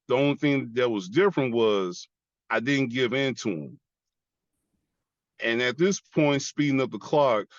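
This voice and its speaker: An American man of middle pitch tells his own hard story to an interviewer, earnest and given to repeating himself for emphasis. His voice sounds close and dry, with a slightly dull, muffled tone. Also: dry recording. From United States. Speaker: interview guest, army veteran. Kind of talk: personal testimony in conversation.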